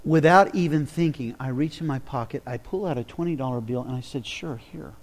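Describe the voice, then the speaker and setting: A man preaching a sermon, telling a personal story with dramatic hushes and building to emphatic preaching. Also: medium pitch, a little fast. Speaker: pastor.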